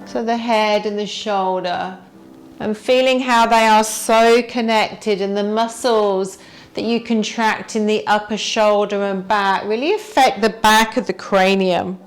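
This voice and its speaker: Slow, gentle woman guiding yoga. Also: mid-range voice, steady tone, soft background music. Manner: slow, gentle, inviting questions to the listener. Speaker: yoga teacher. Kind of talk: guided yoga class instruction.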